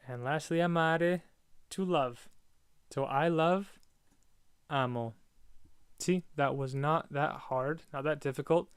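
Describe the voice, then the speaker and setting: A man talking through a recorded grammar lesson in a relaxed, chatty way, repeating each word form twice. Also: mid-range voice, clear, resonant tone, dry recording, clean studio sound. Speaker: language teacher.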